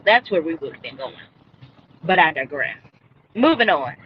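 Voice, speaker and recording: A woman gives a casual, outspoken recap of a TV episode on a live stream, talking straight to her viewers. Her voice sits in a middle pitch, picked up by a headset mic with a slightly dull sound and a faint hiss behind her. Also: sing-song, moderate pace, pauses often. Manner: blunt, opinionated, talks straight to viewers. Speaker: TV show reviewer. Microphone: earbud headset.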